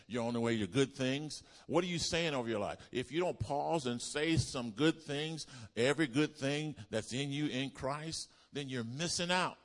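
A pastor preaching a sermon to his congregation, asking them to repeat lines back and building up to loud exclamations. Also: medium pitch, moderate pace, hardly any pauses. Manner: call-and-response preaching, builds to shouts. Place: church.

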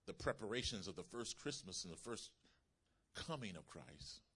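A man preaching with a bright, forceful voice that sits a little low. He builds his points with emphasis and calls out to the congregation. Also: very animated, moderate pace, breathy edge. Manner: emphatic preaching, rising to shouts. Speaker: pastor. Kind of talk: sermon.

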